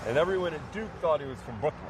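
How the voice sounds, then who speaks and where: A man's voice: fairly high pitch, lively intonation, rapid-fire, background noise. A man from New Orleans, a podcast guest in casual chat, explaining his ideas at length.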